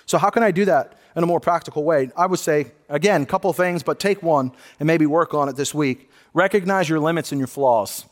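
A man's voice: a little high, fairly quick, hardly any pauses, big-room sound. A man who is a pastor, preaching a sermon in an earnest, conversational way and often restarting his sentences. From United States. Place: church sanctuary.

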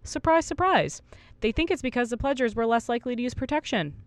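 A woman's voice: on the high side, expressive, fast talker, dry recording. A woman in her twenties co-hosting a casual podcast, reading study findings aloud and laughing at her own slips. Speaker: podcast co-host.

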